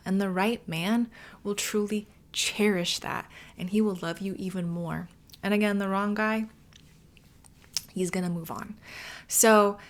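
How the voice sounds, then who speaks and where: Earnest woman giving relationship advice. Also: medium pitch. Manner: earnest, personal storytelling with soft asides. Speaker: relationship coach. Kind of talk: direct-to-camera advice talk.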